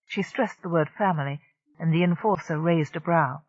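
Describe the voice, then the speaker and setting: A steady audiobook narrator carrying a science-fiction story with even, composed delivery. The voice sits mid-pitch, recorded dry and close, with a slightly dull, lo-fi sound. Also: moderate pace, no echo.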